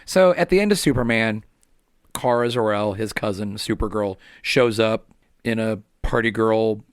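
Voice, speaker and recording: A man hosting a pop culture podcast in casual chat, easygoing and wry, with quick interjections. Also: fairly low pitch, clean tone, dry recording, studio quality. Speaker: podcast host.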